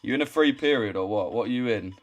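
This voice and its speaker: A man's voice: medium pitch, quick pace, soft background music. A young man hosting a casual livestream call, blunt and mocking and swearing freely. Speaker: livestream host. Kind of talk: casual livestream banter with callers.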